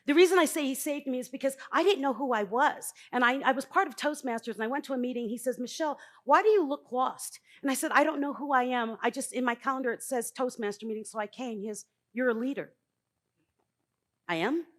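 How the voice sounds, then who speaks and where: A middle-aged woman speaks on a conference stage in a live motivational talk. Her voice sits a little high, and she talks bluntly and emphatically. She swings between loud, punchy lines and quiet asides.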